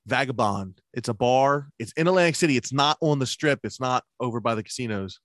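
A man's voice: mid-range voice, lively intonation, brisk, fairly bright tone, no room sound, clean studio sound. Profane rambling man telling stories. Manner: profane, rambling, laughs through his stories; acts out both sides of remembered conversations. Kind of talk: casual chat, storytelling.

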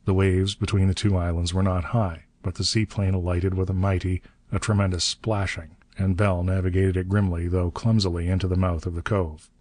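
A man reads a novel aloud in a steady, measured way. His voice is very deep and dark in tone. The recording is dry and close, with no room sound. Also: dry recording. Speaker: narrator. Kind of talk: audiobook narration.

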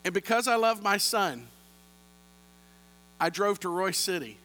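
A man's voice: high-pitched, lively intonation, measured pace, bright, forceful tone, in a large hall. A man, preaching a sermon with humorous stories and playful asides to the congregation, on a handheld microphone. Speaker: pastor.

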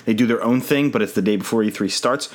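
A man's voice: fairly low pitch, fast. A man hosting a casual podcast, talking enthusiastically and recapping a game trailer at length. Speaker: podcast host. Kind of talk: casual podcast chat about games.

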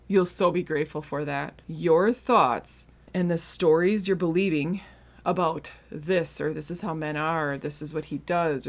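Low-voiced woman giving earnest faith talk. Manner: earnest, conversational, addresses listeners directly. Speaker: podcast host and marriage coach client. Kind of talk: faith-based casual talk.

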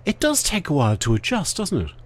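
A man's voice: fairly high pitch, wildly swooping pitch, quick pace. A man hosting a casual chat show, talking in rambling, chatty asides. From Australia. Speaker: host.

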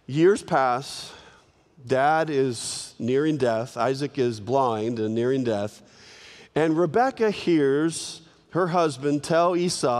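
A male pastor preaching with animated, repeating emphasis as he retells a story. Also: medium pitch, takes it slowly. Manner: animated, repeats words for emphasis, acts out characters. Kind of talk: sermon storytelling. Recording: reverberant hall.

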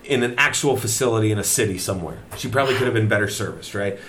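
A man's voice: on the low side, very fast, a bit bright, slight background noise. A man hosting a podcast in casual chat, laid-back and swearing freely, recorded in an old manor house. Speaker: podcast host.

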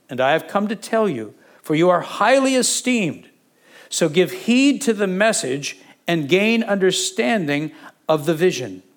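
A pastor giving a sermon, teaching from scripture in a conversational way, with asides and questions put to the congregation. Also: male voice, sits high. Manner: conversational, with asides and self-corrections.

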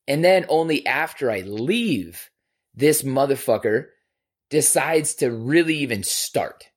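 A male podcast host telling a story in casual chat, animated and profane, swinging between loud bursts and quiet asides. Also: mid-range voice, slow pace.

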